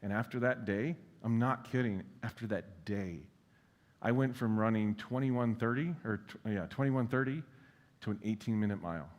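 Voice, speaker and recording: A man's voice: lowish voice, normal speed, a little mellow, lo-fi sound. A man giving a conference keynote in a casual, self-deprecating way, with lots of fillers and blunt swearing. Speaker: keynote speaker. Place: large conference hall. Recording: long reverb of a large hall.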